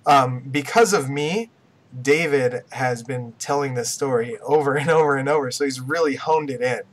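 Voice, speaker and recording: A man's voice: medium pitch, moderate pace. A man co-hosting a podcast, chatting casually and joking around with lots of fillers. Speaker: podcast co-host. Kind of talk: casual chat.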